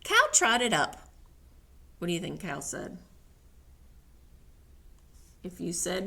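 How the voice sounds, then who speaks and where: Lively woman reading a story to kids. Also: on the low side, vocal fry, slightly rough. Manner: slow, animated reading with questions to children. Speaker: children's librarian. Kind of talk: children's story time read-aloud.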